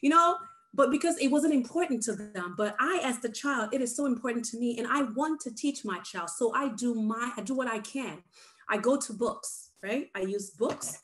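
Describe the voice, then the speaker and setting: A woman's voice: on the high side, normal speed. A woman and parent speaking in an earnest personal talk on a video call, emphatic and repeating her points, often checking in with "right?".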